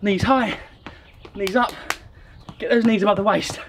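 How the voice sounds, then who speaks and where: Sweaty british trainer guy puffing through a workout, high pitched, pushing you on. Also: measured pace, gravelly, background noise. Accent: British English. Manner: energetic, coaching and counting down. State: out of breath. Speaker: fitness coach. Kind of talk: workout instruction.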